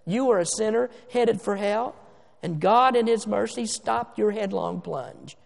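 A male pastor delivers a sermon in a high, deeply gravelly voice. He presses his points hard, drawing words out for stress and dropping from loud declarations to near-hushed asides. His voice rings with the long reverb of a church hall. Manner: emphatic, slows down for stress, swings between loud and hushed. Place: church sanctuary.

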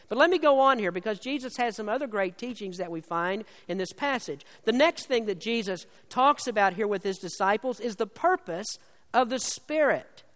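A man preaching a sermon as pastor, slowing down and raising his voice on scripture and key lines, then dropping back low. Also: fairly bright tone. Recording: long hall reverb.

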